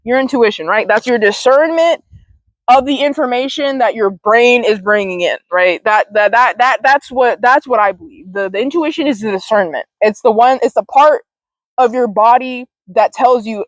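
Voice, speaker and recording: A woman's voice: a little high, fairly quick, no room sound, rough recording. A woman hosting a wellness show, talking casually and rambling, repeating words, laughing often and swearing now and then. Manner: informal, slangy, occasional swearing. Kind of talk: casual talking-to-camera monologue.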